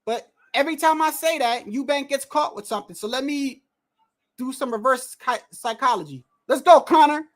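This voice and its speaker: A livestream host giving casual, excitable fight commentary from home, full of slang, cursing and restarts. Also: high voice, normal speed. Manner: excitable, loud outbursts, frequent slang and cursing; rambling restarts and repeated words. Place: indoors at home, wind and street heard outside.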